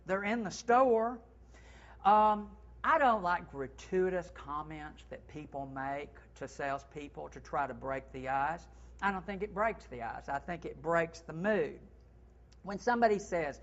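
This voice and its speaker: A man who is a retail consultant, hosting a segment with sales tips in a playful, animated way. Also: a little high, normal speed, muffled recording. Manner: playful, animated, acts out sample phrases. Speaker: segment host.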